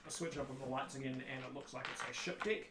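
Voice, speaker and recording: A game master from New Zealand narrating a tabletop game in an animated way, dropping into little voices for the scene. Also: mid-range voice, quick pace, reverberant, very noisy.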